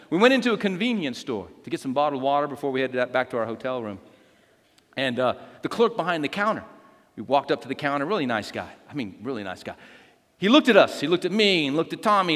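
Pastor, male, bright forceful delivery, lively storyteller, big reverberant church hall. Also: on the high side. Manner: animated storytelling with acted quotes. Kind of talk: sermon.

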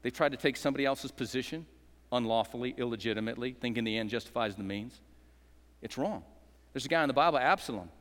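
A man's voice: medium pitch, fast talker, fairly bright tone. A male pastor preaching a dramatic sermon in a church, leading call-and-response and slipping in jokes. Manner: dramatic, rousing, call-and-response with joking asides. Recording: echoey hall reverb.

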